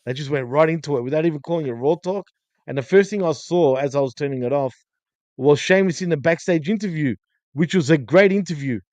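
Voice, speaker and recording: A man co-hosting a casual wrestling review show, retelling events in steady, running detail. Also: a little high, a little fast, no echo. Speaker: co-host.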